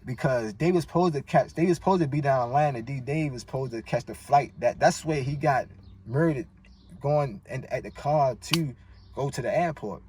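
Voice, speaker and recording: Telling a personal story as a guest, this Baltimore man rambles emotionally and uses slang in his native accent. He speaks at normal speed with a medium-pitched, darkish voice, recorded on a distant mic with faint noise.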